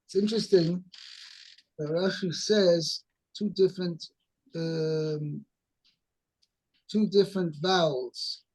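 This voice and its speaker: A man's voice: high-pitched, fairly even intonation, takes it slowly, long pauses, darkish tone, rough recording. A man teaching a text-study lesson, explaining word by word with many restarts. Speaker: Torah teacher.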